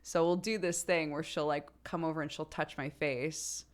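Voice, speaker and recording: A woman's voice: low voice, fairly even intonation, moderate pace. A woman in her thirties chatting casually on a livestream, telling stories and laughing often as she acts out quotes. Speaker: streamer.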